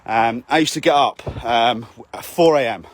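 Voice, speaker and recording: A man's voice: mid-range voice, moderate pace, slight background noise. A man, a fitness coach, giving a blunt, sweary motivational talk to his camera while out walking, often asking "okay?". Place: outdoors on a walk.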